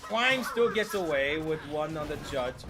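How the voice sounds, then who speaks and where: A young man casting a live esports match, excitable and jokey, with bursts of disbelief. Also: a little high, moderate pace. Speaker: esports caster.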